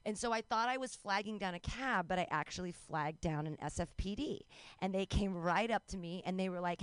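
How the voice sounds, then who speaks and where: A young woman doing a rambling, self-mocking stand-up set at an outdoor show, breaking into high-pitched mock panic. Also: a little fast, clean tone, dry recording. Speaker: stand-up comedian.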